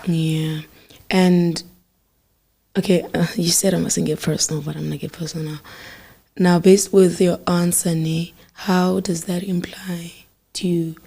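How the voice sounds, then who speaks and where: A woman's voice: fairly low pitch, flat delivery, a little slow, vocal fry, mellow, breathy edge. A woman interviewing a podcast guest, asking questions hesitantly with many fillers.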